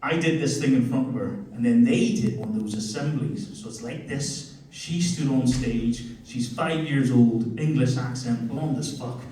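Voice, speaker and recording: A man's voice: medium pitch, normal speed, few pauses, very echoey, far from the mic, a little hiss or hum, low-quality recording. A man in his forties with a Northern Irish accent, telling crude family stories in a stand-up comedy set. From Northern Ireland. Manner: crude, storytelling, animated. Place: comedy club stage.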